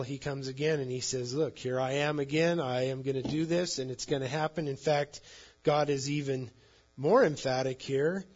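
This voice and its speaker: A man's voice: medium pitch, lo-fi sound. A man preaching a sermon, reading scripture and retelling it in plain conversational words. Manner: conversational, paraphrases scripture in everyday speech. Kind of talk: sermon, Bible teaching.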